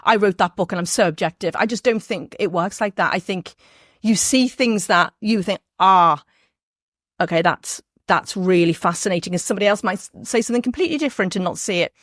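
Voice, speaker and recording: A woman from Merseyside with a softened Liverpool accent, talking as an interview guest in a lively way, often restarting her sentences. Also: medium pitch, no room sound, clean studio sound. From Merseyside, England. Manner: animated, quick, with frequent restarts and laughs. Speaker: guest, biographer. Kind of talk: casual interview talk.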